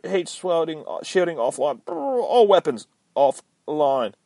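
A man voicing the computer system of a suit of armor, listing its status in flat, clipped reports. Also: fairly high pitch, slow, vocal fry, dry recording, voice pushed up, exaggerated voice. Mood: alarmed.

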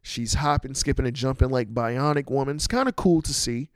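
Male podcast host, casual film recap, lively retelling, dry close mic. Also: mid-range voice, brisk, no echo. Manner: animated storyteller, acts out quotes.

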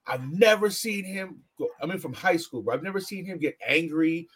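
Husky, animated man swearing freely. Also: a little high, normal speed. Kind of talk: casual chat.

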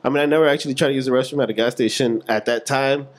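A man's voice: medium pitch, fairly even intonation, racing. A young man co-hosting a podcast, chatting in a laid-back way, swearing casually and acting out dialogue from his stories. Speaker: podcast co-host. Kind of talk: casual chat.

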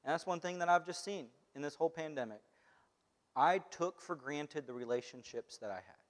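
A young man giving a conversational sermon in a church hall, moving between quiet asides and loud, emphatic bursts. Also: a little high, moderate pace. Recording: long hall reverb.

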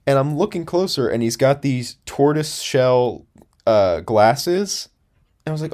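A man's voice: medium pitch, lively intonation, unhurried, darkish tone. A man in his twenties telling a long story in a casual chat, rambling with lots of fillers and restarts. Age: 20s. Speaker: podcast co-host.

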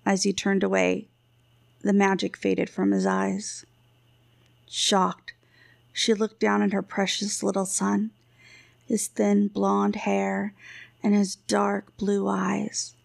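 Gravelly woman narrating a fantasy story. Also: mid-range voice, completely flat delivery, slow pace, darkish tone, no room sound, clean studio sound. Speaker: audiobook narrator.

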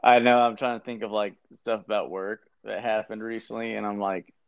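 A man's voice: fairly low pitch, level tone, fairly quick, vocal fry, clear, resonant tone, muffled recording. A man in casual chat as a podcast co-host, telling rambling stories with swearing. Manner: laid-back, rambling storytelling with swearing.

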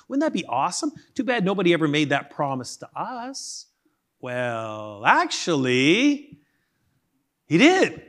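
A man's voice: high voice, big pitch swings, unhurried, fairly bright tone. A man preaching a sermon as pastor, emphatic, asking rhetorical questions and reading scripture aloud.

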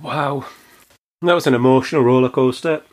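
A man's voice: medium pitch, fairly even intonation, moderate pace, a little mellow. Amused man reacting on a podcast. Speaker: podcast panelist. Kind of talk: casual podcast banter.

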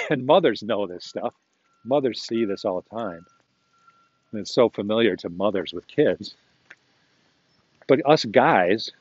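A man talks in a loose, rambling way, like a host thinking aloud on a walk with his dog. His voice sits at an ordinary middle pitch, and he often breaks into chuckles. The recording sounds slightly muffled and lo-fi. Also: husky, no echo. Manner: chatty and self-talking, chuckles often. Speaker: podcast host. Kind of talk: rambling casual monologue. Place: outdoors, walking a dog.

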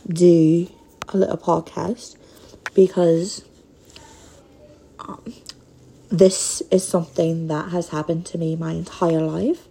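A woman in her thirties with a Northern Minnesotan accent hosts a casual solo podcast. Her voice is mellow and dark, with a gravelly edge. She talks very slowly and hesitantly, with frequent pauses. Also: fairly low pitch, a little hiss or hum, rough recording. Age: 30s. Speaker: podcast host.

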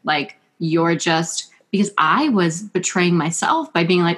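A woman's voice: on the low side, animated, a little slow, fairly bright tone, slight background noise. A woman hosting a podcast, effusive and gushing, often laughing and saying "like". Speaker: podcast host. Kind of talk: intimate podcast conversation.

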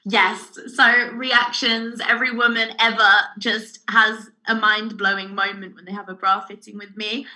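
A woman who works as a bra fitter, telling animated stories in a casual podcast chat. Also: mid-range voice, unhurried, hardly any pauses, low-quality recording. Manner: animated storyteller who acts out customers' voices.

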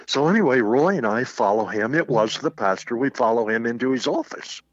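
A man's voice: medium pitch, a little fast, no room sound. Older male minister telling a story. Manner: animated anecdote with acted-out quotes. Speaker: Baptist minister. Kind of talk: storytelling in casual conversation. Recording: muffled, dull audio.

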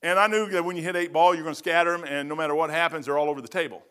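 An older man, a pastor telling folksy stories in a sermon, rambling and swinging from loud to hushed. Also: a little high, fairly even intonation, very fast, smooth. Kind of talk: storytelling sermon.

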